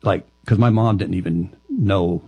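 A man telling a personal story to an interviewer, halting and often restarting his sentences. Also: sits low, breathy edge, dry recording, muffled recording. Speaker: interview guest.

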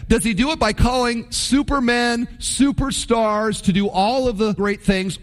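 Man preaching in an echoing hall. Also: on the high side. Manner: animated storytelling, voices biblical figures in paraphrase. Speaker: pastor. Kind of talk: sermon.

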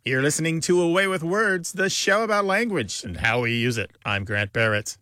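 Brisk man hosting a radio show. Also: fairly high pitch, expressive, pushed and bright, no room sound. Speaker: co-host of a language radio show. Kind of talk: radio talk show chat.

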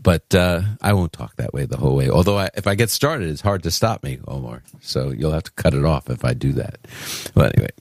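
A radio host from Brooklyn with a New York accent and a remarkably deep voice talks earnestly, often restarting his sentences. The recording is close and dry, with no room echo. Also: animated, brisk, few pauses. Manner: chatty, self-interrupting, earnest. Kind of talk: Christian radio call-in show.

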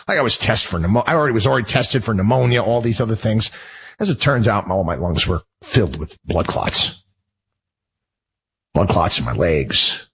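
Male host, husky, heated rambling monologue. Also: on the low side, normal speed, fairly bright tone, rough recording. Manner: heated, rambling, many restarts. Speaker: show host. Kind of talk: personal monologue.

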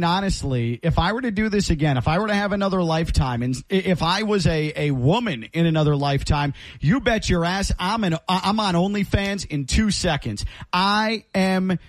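High-voiced man telling a jokey story. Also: no echo. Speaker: co-host. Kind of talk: casual sports talk.

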